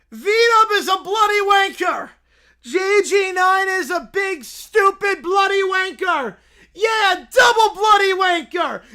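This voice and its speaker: A man voicing a bratty, demanding little girl who hosts a radio show and throws shouting tantrums. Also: very high-pitched, voice pushed up, full character voice. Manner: screeching, whining, tantrum insults. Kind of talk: comedic sketch reading on a livestream.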